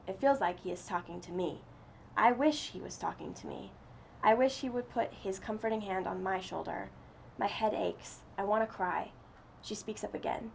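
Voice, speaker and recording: A woman reading a first-person story aloud in a steady, earnest way. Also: medium pitch, moderate pace, creaky, a little hiss or hum. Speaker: story reader.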